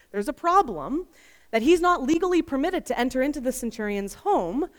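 A woman giving an expressive, emphatic Bible teaching full of rhetorical questions. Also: sits high. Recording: long reverb.

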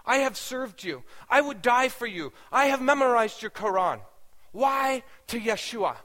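A man's voice: very high voice, expressive, measured pace, a bit bright, long reverb tail, pitched above the performer's own voice, heavily acted. A man voicing an anguished young believer crying out. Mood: anguished demanding. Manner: pleading, accusing, insistent.

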